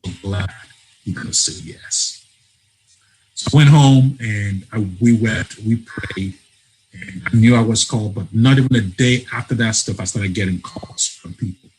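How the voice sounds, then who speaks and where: A man from Africa tells a personal story as an interview guest, animated and quick to laugh. His voice sits at an ordinary pitch. He speaks over a remote call, with faint noise underneath. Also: rough recording. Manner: animated storyteller, laughs often, acts out dialogue.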